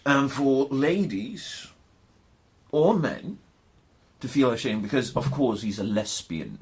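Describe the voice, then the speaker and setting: A man's voice: medium pitch, expressive, takes it slowly. A man co-hosting a podcast in casual chat, crude and joking, often laughing. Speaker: podcast co-host.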